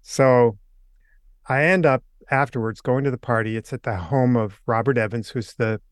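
An older man, a podcast guest, telling an anecdote in a casual, lively way and acting out the quoted lines. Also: mid-range voice, normal speed, clean tone, no room sound, studio quality. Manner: animated anecdote teller, acts out quotes. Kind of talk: casual storytelling.

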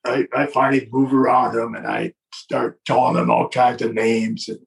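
A man's voice: mid-range voice, little pitch movement, normal speed, vocal fry, distant mic. An older man telling a long anecdote in casual chat, acting out the quotes with chuckles along the way. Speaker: guest telling a wrestling story. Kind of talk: casual storytelling.

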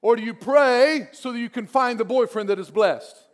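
Man pastor, high voice, sermon delivery, emphatic repetition. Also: moderate pace. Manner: lively preaching, swings between soft prayer and emphatic repetition.

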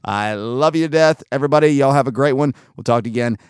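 A male podcast host chatting casually, rambling and trailing off into fillers with easy laughs. His voice is smooth and resonant at a middle pitch. The sound is close and dry. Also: quick pace, no echo. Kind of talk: casual chat.

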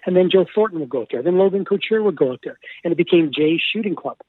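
A man recounts stories from the broadcast booth with excitable energy, laughing and repeating words as he goes. His voice sits on the higher side. The sound is thin and phone-like, with no room around it. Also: fast, slightly rough, no echo. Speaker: hockey broadcaster. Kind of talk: animated storytelling. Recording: tinny phone-like line, dry.

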